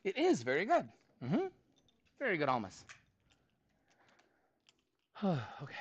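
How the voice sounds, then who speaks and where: A man's voice: a little high, huge pitch swings, takes it slowly, husky, no room sound, muffled recording. A man teaching a math class, upbeat and prompting students for answers.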